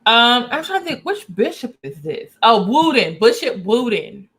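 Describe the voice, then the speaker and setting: A woman hosting a casual reaction commentary, chatting with viewers. Her voice sits a little high. She stops to read definitions aloud. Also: sing-song, normal speed, fairly bright tone. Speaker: commentary vlogger.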